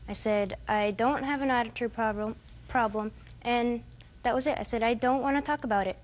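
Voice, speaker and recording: A woman's voice: fairly high pitch, a little fast. A woman in her twenties giving testimony as a defendant in court, rambling and hesitant, quoting what others said. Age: 20s.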